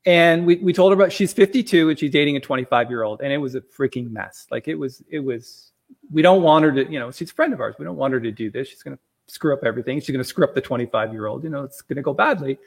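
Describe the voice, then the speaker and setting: A middle-aged man telling stories as a guest on a talk show, acting out the quotes with lively energy. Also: medium pitch, quick pace, creaky, breathy edge. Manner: animated storyteller, acts out quotes.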